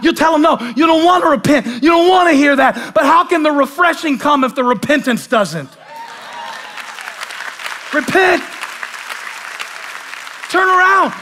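A male pastor with a high, bright, ringing voice preaches in a large church auditorium. He starts in a hushed tone and builds to shouting, hammering each point by repeating it. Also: a little hiss or hum. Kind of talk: sermon.

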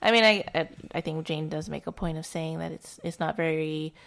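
Woman cohost chatting about a classic novel, low voice with lots of fry, thoughtful, laughs a lot. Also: brisk, a bit bright. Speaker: podcast co-host. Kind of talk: casual book-club chat.

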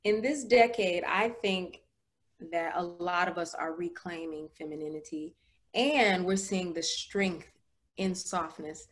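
A woman's voice: fairly low pitch, a little slow. A woman hosting a casual chat, enthusiastic and chatty. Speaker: host.

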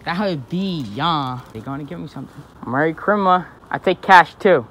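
A man's voice: on the high side, moderate pace, a bit bright. A teenage boy vlogging a prank, talking in a joking, slangy, trolling way. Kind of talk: prank vlog. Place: outdoors on a residential street. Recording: outdoor street noise.

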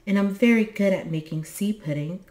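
A woman voicing a sweet, gentle fairy-like girl in a storybook reading. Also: mid-range voice, fairly quick, pitched above the performer's own voice, close to an everyday voice. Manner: sweet and eager.

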